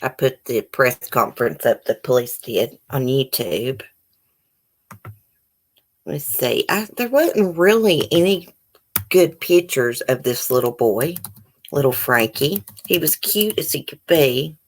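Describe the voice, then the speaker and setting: With a rumbling low voice and lively intonation, this woman speaks slowly as she hosts her channel's live stream. She reads news articles aloud, then breaks into indignant, heated commentary and easygoing, rambling chat with viewers.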